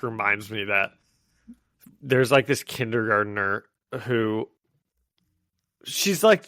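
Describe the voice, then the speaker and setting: A man's voice: medium pitch, a bit bright. A man chatting on a podcast, rambling through his stories with plenty of "like" fillers. His voice sits in the middle of the range. The mic is close and dry, with no echo. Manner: rambling with many "like" fillers, quick to laugh. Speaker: podcast co-host. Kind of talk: casual chat.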